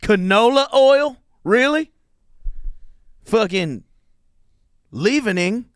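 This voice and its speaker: A loud, indignant Southern man in full rant, as a man puts him on with a put-on Southern drawl. He shouts in a voice pitched well above his own. The sound is dry and close. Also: animated, slow pace, smooth, no room sound. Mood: outraged.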